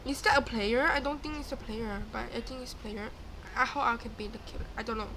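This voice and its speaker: A young woman giving live gameplay commentary, excitable and chatty, talking back to game characters. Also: fairly high pitch, quick pace, a little hiss or hum. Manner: excitable, screams and gasps, talks to game characters. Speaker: gaming YouTuber.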